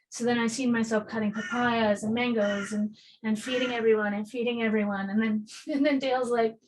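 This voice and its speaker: Animated, fairly high-voiced woman storyteller. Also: a little fast, few pauses, poor audio. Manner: animated, acts out dialogue, casual swearing. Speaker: podcast guest, spiritual healer. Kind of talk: casual spoken storytelling in a podcast conversation.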